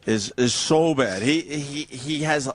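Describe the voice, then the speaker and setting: A male radio host at a middling pitch, chatting casually as he introduces clips. He talks in halting bursts full of fillers.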